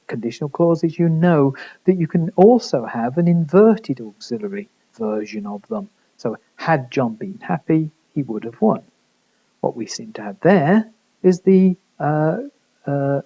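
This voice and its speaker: Male lecturer, measured and explanatory, warm tone, muffled lo-fi sound. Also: medium pitch, husky. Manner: measured explaining with fillers and restarts. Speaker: linguistics lecturer. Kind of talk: recorded university lecture.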